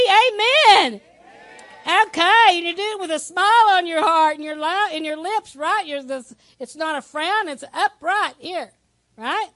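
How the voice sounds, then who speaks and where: A woman pastor preaching a sermon in a lively, conversational way, with asides to the congregation. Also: sits high, no room sound.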